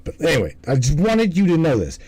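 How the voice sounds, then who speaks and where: A man's voice: a little high, huge pitch swings, fast talker, a little mellow, slightly rough, no echo, low-quality recording. A man hosting a livestream in casual commentary, rambling and swearing, often stumbling and restarting his words. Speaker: livestream host.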